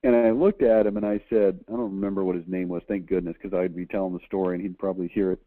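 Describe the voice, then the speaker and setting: A business coach in his forties tells a motivational story in a low, steady voice, talking fast. He's emphatic and repeats phrases for effect, and the recording has no echo but sounds dry and tinny, like a phone.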